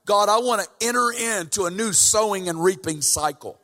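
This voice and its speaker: A high-pitched, sharp-toned guest preacher speaks at a moderate pace in a church sanctuary with hall reverb. He opens casually and builds to fervent emphasis in his sermon.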